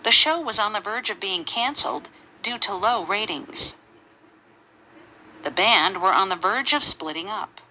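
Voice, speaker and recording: A woman reading English example sentences aloud in a measured, lively way for a lesson. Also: mid-range voice, a little hiss or hum, low-quality recording.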